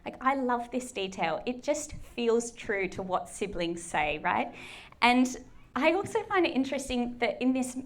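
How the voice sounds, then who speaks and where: Her voice sits on the high side with a sing-song lilt, and she takes her time. The sermon comes across as casual and conversational, packed with fillers, and she has fun performing quoted lines.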